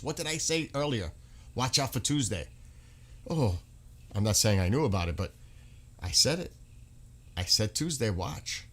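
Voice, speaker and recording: A man's voice: mid-range voice, animated, moderate pace, long pauses, fairly bright tone. A man reacting to news on a live stream, exclaiming in disbelief and swearing now and then.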